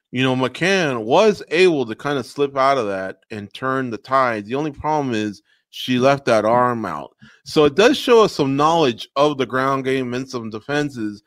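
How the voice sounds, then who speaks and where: A man co-hosting a podcast, chatting casually about fights in an animated way and slipping into mock voices. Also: medium pitch, no room sound, clean studio sound. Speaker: podcast co-host. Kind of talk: casual MMA recap chat.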